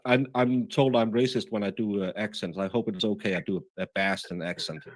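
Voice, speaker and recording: Halting man hosting a livestream. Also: on the low side, steady tone. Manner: rambling, halting with many fillers. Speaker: livestream host. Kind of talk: casual chat.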